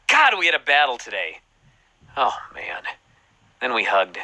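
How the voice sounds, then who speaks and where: A man hosting a casual podcast chat, telling stories in an animated, profane way. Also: mid-range voice, measured pace, pauses often, no echo, poor audio. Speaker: podcast host.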